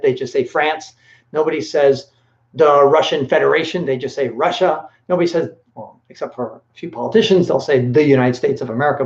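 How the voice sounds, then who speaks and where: A man hosting a casual live-stream Q&A, rambling and animated, with lots of filler words. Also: a little high. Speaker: host. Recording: echoey room, dull lo-fi sound.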